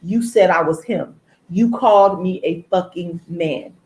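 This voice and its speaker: A woman, hosting a live stream and venting in a deliberate, emphatic way, repeating herself. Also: on the low side, dark tone, rough recording. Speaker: livestream host.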